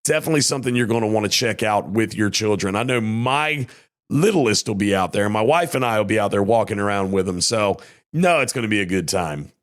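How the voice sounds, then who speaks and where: A man's voice: fairly low pitch, expressive, a little fast. A man hosting a casual local podcast. He talks in an easygoing, rambling, folksy way, and his voice sounds worn and strained. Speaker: podcast host.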